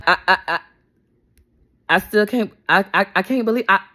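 A woman's voice: medium pitch, moderate pace, pushed and bright. A woman content creator ranting in a casual vlog, talking straight to her followers, profane and repeating herself when upset. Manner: addresses her followers directly.

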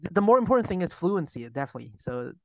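Brief: Chinese-accented man, fairly high, smooth voice, dull lo-fi sound, earnest teacher. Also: sing-song, rapid-fire, darkish tone, no echo. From China. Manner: earnest, explains with many restarts. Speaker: TOEFL teacher. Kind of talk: casual interview talk.

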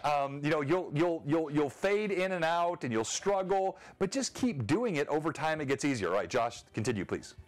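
A man hosting a casual online panel about roleplaying games, animated and quick to laugh, often restarting his sentences. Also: a little high. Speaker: show host.

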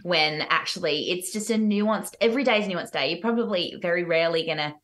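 A woman with an Australian accent, a podcast guest, chatting casually and telling animated stories about stage work. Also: on the low side, quick pace. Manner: animated storytelling with laughs. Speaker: guest, musical theatre actress.

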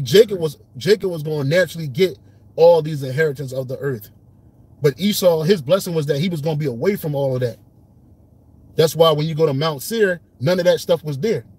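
A man's voice: fairly high pitch, breathy edge. A man leading an informal Bible study, reading verses and explaining them in casual, streetwise speech. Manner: casual streetwise speech, lively when retelling scenes. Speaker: Bible teacher.

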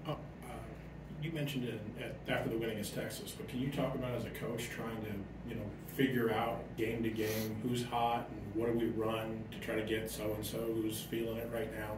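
A male reporter asks a rambling, hesitant question in a lowish, flat voice. He is far from the mic in a very echoey room, and steady background noise is clearly heard. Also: moderate pace. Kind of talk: asking press questions.

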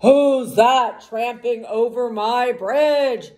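A woman's voice: fairly high pitch, very slow. A woman voicing a mean, ugly male troll who roars his lines, reading a storybook aloud to children. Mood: roaring. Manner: loud roaring.

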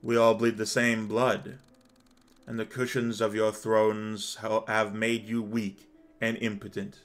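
A man reading lines for a resolute male warrior angel in a low, measured, plain voice. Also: level tone, lightly acted. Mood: cold resolve.

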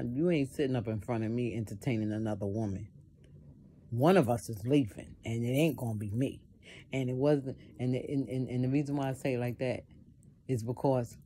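A woman's voice: a bass voice, warm tone. A middle-aged woman recounts a personal story in a loose, conversational way. She doubles back, repeats words and drops in asides to the listener. A faint background hiss sits under her voice. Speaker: storyteller vlogger. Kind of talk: casual storytime monologue.

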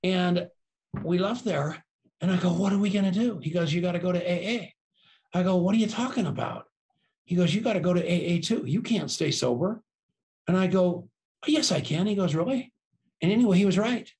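Older man, gravelly animated storyteller. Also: high-pitched, brisk. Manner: lively anecdotes, acts out quoted voices. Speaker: podcast guest, business co-founder.

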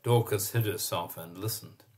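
A man reading a children's picture book aloud, expressive and pausing to point out the pictures. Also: on the low side, slight background noise. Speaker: storyteller.

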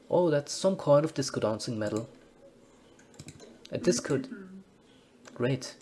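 A man's voice: mid-range voice, animated, a little slow, long pauses, mellow. A man casually commentating on a game he plays, reading its text aloud and adding dry, wry asides. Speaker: let's-play host.

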